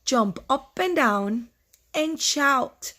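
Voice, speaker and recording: Woman reading a patient frog, storybook friend, coaxing, steady encouragement, slow and high. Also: full character voice. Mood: encouraging.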